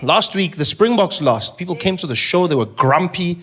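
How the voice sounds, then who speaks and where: A man from South Africa with a South African accent, doing animated, mock-indignant stand-up comedy. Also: sits high, normal speed. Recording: noisy live stage recording.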